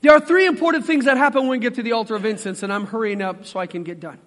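A man preaching a sermon as pastor, folksy and animated, acting out the voices he quotes. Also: very high-pitched, racing, long reverb tail.

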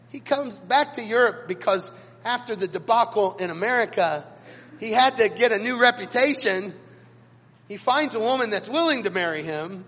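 A man, a pastor, preaching a sermon and telling stories dramatically, with sudden swings between quiet and loud. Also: high-pitched, husky, in a large hall. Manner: dramatic storytelling with big swings in loudness. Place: church sanctuary.

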